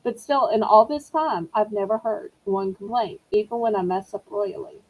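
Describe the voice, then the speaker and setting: A woman's voice: mid-range voice, moderate pace, highs cut off. A middle-aged woman hosting a live online auction, chatting in a rambling, apologetic way. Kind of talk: live-stream selling chat.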